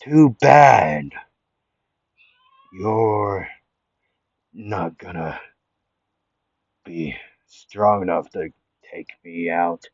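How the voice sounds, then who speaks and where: Guy putting on a smug twangy villain, low voice, kinda muffled mic. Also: animated, extremely slow, long pauses, a little mellow, slightly rough, no room sound, heavily acted. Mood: taunting. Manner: drawling put-on cowboy-ish twang. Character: scheming masked male villain, taunting.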